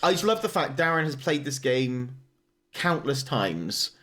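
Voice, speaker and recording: A man's voice: medium pitch, measured pace. A man co-hosting a gaming podcast, telling stories casually with plenty of swearing and laughter. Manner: animated, swearing, laughing storyteller. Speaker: podcast co-host.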